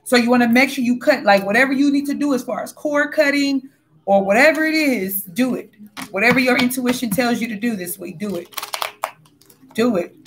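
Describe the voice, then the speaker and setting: A woman's voice: on the high side, moderate pace, pauses often, noisy background. A woman giving a casual spiritual tarot reading, talking bluntly and animatedly, with frequent swearing. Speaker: tarot reader.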